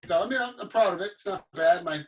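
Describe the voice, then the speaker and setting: A middle-aged man who used to fight is a guest in a casual chat, speaking fast in a high-sitting voice. As an animated storyteller, he performs other people's voices whenever he quotes them.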